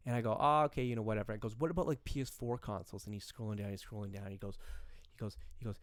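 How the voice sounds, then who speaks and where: Talking very fast with hardly any pauses, the podcast co-host keeps a steady tone in his lowish voice. The young man rambles through a casual story, restarting and acting out the people in it, in a dry, studio-quality recording.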